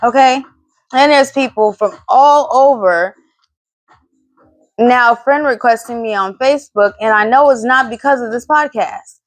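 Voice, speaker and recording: On her solo podcast, a woman in her thirties swears a lot as she rants with blunt exasperation. She speaks unhurriedly in a voice on the high side, and there's no room sound.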